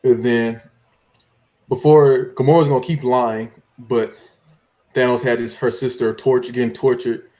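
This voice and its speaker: A podcast co-host chats casually, walking through events step by step in a loose, rambling recap with restarts. He has a mellow, mid-range voice with fairly even intonation and an unhurried pace.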